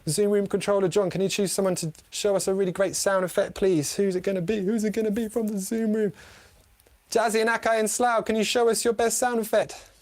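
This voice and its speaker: Energetic man teaching beatboxing. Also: sits high, brisk. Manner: energetic, enthusiastic, often sings his lines. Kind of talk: upbeat online kids' lesson.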